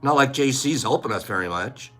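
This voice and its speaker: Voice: medium pitch, expressive, brisk, a bit bright, soft background music. A livestream host in casual chat, playful and teasing, calling out chatters by name.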